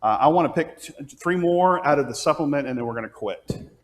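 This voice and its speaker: A man teaching a class on leading congregational singing, explaining step by step and singing out pitches and counting beats aloud. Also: animated, brisk. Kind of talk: hands-on music class teaching.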